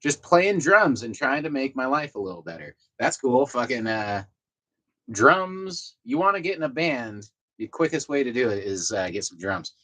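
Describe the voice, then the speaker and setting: A man's voice: mid-range voice, sing-song, normal speed, pushed and bright, poor audio. A man chatting casually with his viewers at home in a loose, rambling way, swearing now and then. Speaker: vlogger. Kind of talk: casual chat to viewers while doing chores. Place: apartment at home.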